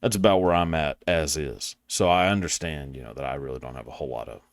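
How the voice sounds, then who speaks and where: A man's voice: extremely low pitch, quick pace, no room sound. A young man with a Southern US accent hosting a show, rambling casually, swearing a lot and making fun of himself. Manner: crude, rambling, self-deprecating, swears a lot. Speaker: podcast host. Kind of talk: casual monologue.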